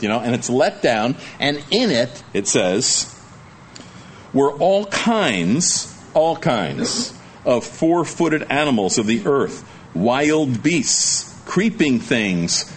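A man preaches at an ordinary middle pitch, moving from reading scripture aloud to loose, joking explanation aimed at his congregation. His delivery is folksy and conversational, full of quick asides. A faint hiss of noise sits under the recording. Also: animated. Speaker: pastor.

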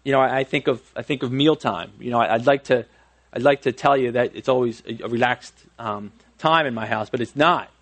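A man's voice: medium pitch, a little fast. A man in his thirties preaching a conversational sermon on parenting, self-deprecating, with frequent restarts and friendly asides. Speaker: pastor.

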